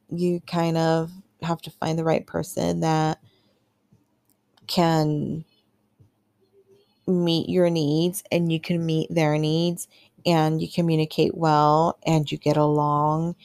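A woman's voice: low voice, little pitch movement, slow, darkish tone, dry recording. A woman hosting a podcast, telling a personal story in a candid, chatty way full of fillers and acted-out quotes. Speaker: podcast host. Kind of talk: casual storytelling monologue.

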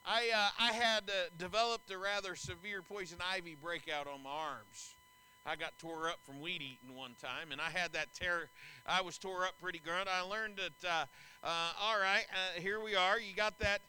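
A man's voice: sits high, fairly even intonation, normal speed, pushed and bright, clear, resonant tone, poor audio. A middle-aged man preaching a sermon as pastor, telling folksy, anecdotal stories to his congregation.

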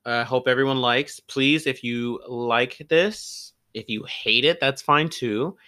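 A man's voice: medium pitch, slow pace, sharp tone, smooth. A young man co-hosting a film podcast, retelling a movie plot in a loose, chatty way with casual swearing. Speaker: podcast co-host. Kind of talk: casual chat.

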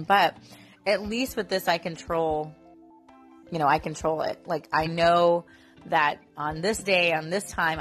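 Chatty lower-voiced woman vlogging. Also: fairly bright tone. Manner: chatty, rambling, filler-heavy. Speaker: mother and Daisy troop leader. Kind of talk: casual storytelling vlog.

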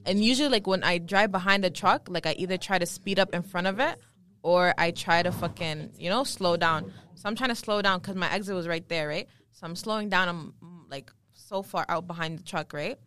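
Young female co-host, quick profane storyteller, lower voice, dry close mic. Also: fairly bright tone. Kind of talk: casual group chat.

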